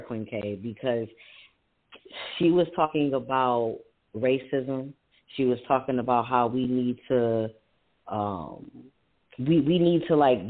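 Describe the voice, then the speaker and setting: A man co-hosting a casual podcast, telling stories in an animated way with heavy swearing. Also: medium pitch. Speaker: podcast co-host and poet. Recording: tinny phone-like sound.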